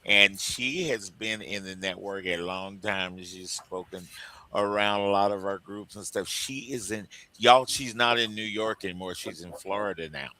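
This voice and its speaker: A man's voice: on the low side, moderate pace, background noise. A man from co-hosting a radio talk show on recruiting, joking and laughing often in casual chat.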